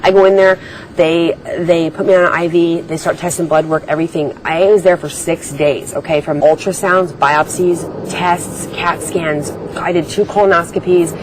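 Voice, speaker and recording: Young woman, deep-ish register, reality contestant telling her story, chatty and rambling, filler-heavy. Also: fairly even intonation, normal speed, a little hiss or hum, rough recording. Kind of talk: casual storytelling.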